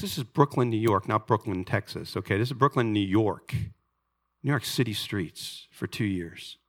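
A man's voice: lowish voice, fairly quick. Earnest preacher man reading to a congregation. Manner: earnest, rising and louder when reading the story. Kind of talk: sermon with read-aloud passage. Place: church sanctuary before a congregation.

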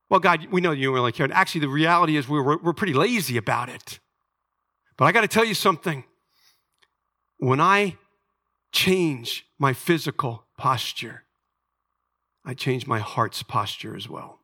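An American man, a pastor, preaching a sermon in a church sanctuary, emphatic and building to near-shouts at his peaks. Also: on the high side, sing-song, normal speed, pauses often. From United States.

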